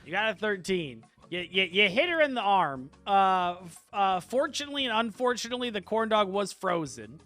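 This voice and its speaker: A man's voice: sits high, very animated, fairly bright tone, no echo, soft background music. A man hosting and narrating an improvised comic tabletop game as game master, joking and restarting his sentences. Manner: joking, halting, many restarts.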